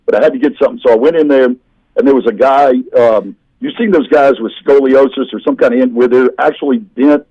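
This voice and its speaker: A comedian guest on a video call, telling rambling, self-deprecating stories in casual chat. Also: male voice, mid-range voice, a little fast, breathy edge, no echo, muffled recording.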